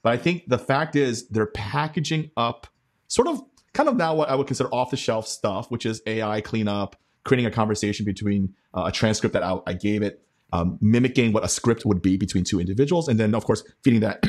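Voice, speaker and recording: A man co-hosting a casual tech podcast, explaining ideas in an animated way with frequent fillers. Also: lowish voice, a little fast, slightly rough. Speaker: podcast co-host.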